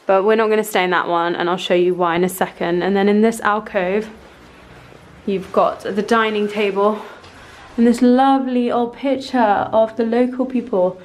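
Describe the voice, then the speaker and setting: A woman's voice: mid-range voice, fairly even intonation, moderate pace, a little hiss or hum. A British woman chatting enthusiastically through a travel vlog, gushing as she shows things off. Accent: British English. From Britain. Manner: bubbly, gushing, chatty tour-guide talk. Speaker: vlogger.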